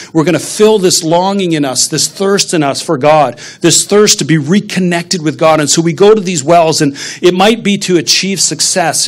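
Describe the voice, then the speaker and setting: A middle-aged man, a pastor, preaching a sermon in a conversational, humorous storytelling manner. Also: high-pitched.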